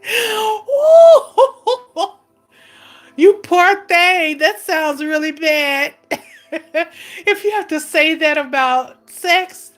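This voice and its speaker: A woman's voice: sits high, slow pace, a bit bright. A woman hosting a casual livestream who reads viewer comments, laughing often and teasing them as honey. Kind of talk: casual chat.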